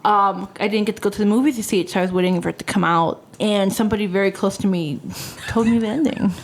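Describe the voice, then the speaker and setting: A woman's voice: medium pitch, quick pace, a little hiss or hum. A young woman co-hosting a podcast in casual chat, playful and fond of putting on silly voices. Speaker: podcast co-host.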